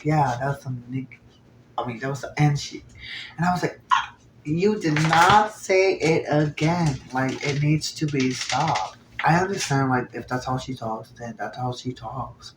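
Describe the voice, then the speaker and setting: A man chatting casually through a review of a reality show episode. He is animated and drops into hushed asides when he quotes people. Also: mid-range voice. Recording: roomy echo, faint background noise.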